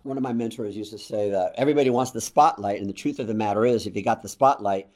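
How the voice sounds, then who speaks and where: A man's voice: fairly low pitch, quick pace, darkish tone. A man talking as a guest in a conversation, thoughtful and often restarting his sentences. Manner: thoughtful, repeats words as he starts sentences. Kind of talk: conversational interview.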